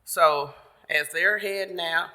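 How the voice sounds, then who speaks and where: A man's voice: fairly high pitch, takes it slowly, pushed and bright. A man giving a casual storytelling sermon at church, folksy and chatty, paraphrasing loosely. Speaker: church member giving the message. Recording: long reverb of a church sanctuary.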